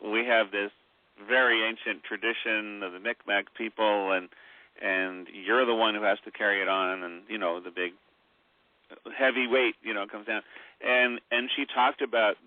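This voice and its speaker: A man's voice: lowish voice, steady tone, moderate pace, no room sound. A man, an author guest on a phone-in radio interview, telling long rambling stories with many fillers. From Mi'kmaq heritage. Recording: tinny phone line.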